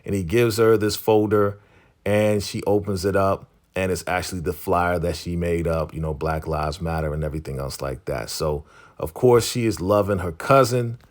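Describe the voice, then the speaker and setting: Low-voiced laid-back man recapping a show. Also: moderate pace. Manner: laid-back, chatty, slangy retelling with many fillers. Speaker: TV recap host. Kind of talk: casual episode recap.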